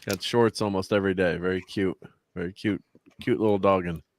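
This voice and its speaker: A man's voice: deep voice, steady tone, fairly quick, no echo. A man hosting a casual livestream chat, laughing often and trailing off mid-sentence. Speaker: livestream host.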